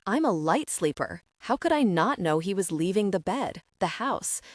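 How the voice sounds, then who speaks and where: A woman's voice: medium pitch, big pitch swings, normal speed, no room sound, studio quality. A woman reading a furious, frightened young woman. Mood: furious, afraid. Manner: hissing, agitated.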